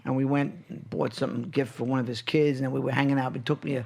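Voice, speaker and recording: Husky-voiced man in his fifties. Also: medium pitch, fast talker. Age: 50s. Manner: animated storyteller, swears freely. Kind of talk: casual chat.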